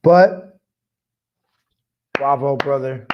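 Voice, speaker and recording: A man's voice: medium pitch, very slow, highs cut off, background noise. A man hosting a fan sports podcast, fired up, profane and rambling with lots of "I mean". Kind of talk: casual fan commentary.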